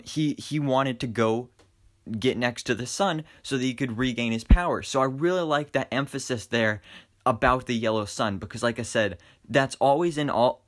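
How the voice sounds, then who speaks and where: A young man casually reviewing an animated film, enthusiastic and rambling, with lots of fillers and restarts. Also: medium pitch. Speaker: movie reviewer.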